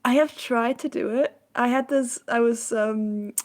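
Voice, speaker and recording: A woman's voice: on the high side, measured pace, darkish tone. A young German woman with a German accent, chatting casually on a live stream and laughing often into a small USB mic. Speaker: guest musician.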